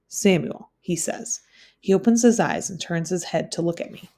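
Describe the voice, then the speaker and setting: A woman teacher reading a novel aloud for her class, in a plain, steady way with occasional slips. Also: on the low side, normal speed, creaky.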